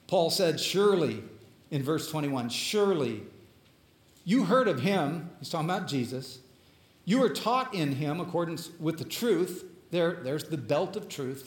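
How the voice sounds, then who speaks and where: In a reverberant space, a pastor preaches a sermon earnestly, moving between emphatic lines and hushed ones. His voice is on the high side.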